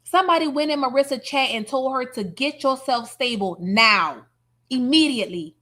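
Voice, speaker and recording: A woman streamer giving sassy, mocking reaction commentary, heavy on slang and loud laughter. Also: high-pitched, expressive, normal speed.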